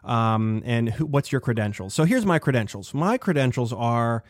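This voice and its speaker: A man's voice: mid-range voice, expressive, normal speed, no echo. Middle-aged man rambling as podcast host. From Pittsburgh area, USA. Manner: rambling, self-deprecating, trails off with fillers. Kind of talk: casual podcast chat.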